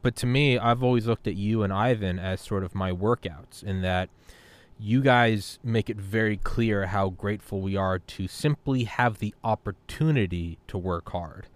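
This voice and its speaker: A man's voice: fairly low pitch, normal speed. A man from the United States, hosting a podcast in casual chat, telling stories with swearing and acted-out quotes. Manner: storytelling, profane, acts out quotes. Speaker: podcast host.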